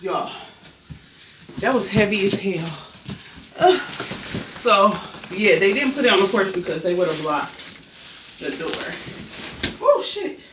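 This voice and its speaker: A woman's voice: medium pitch, lively intonation, unhurried, pauses often. A woman vlogger chatting casually to camera, frank and talkative, calling her viewers y'all and swearing freely, over a noisy background. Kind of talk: casual vlog chat to camera.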